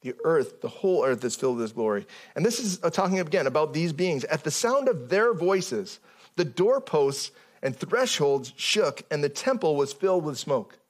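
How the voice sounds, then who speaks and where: A pastor delivers a sermon in a conversational, sing-song way at a normal speed. He often stops and restarts his sentences, and his pitch rises whenever he stresses a point.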